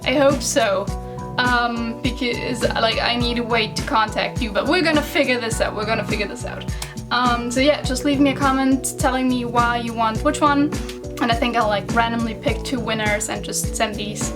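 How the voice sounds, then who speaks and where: A woman with a high voice chats casually to camera as a digital artist. She rambles and hesitates and laughs often, with soft music faint behind her. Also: fairly even intonation, normal speed.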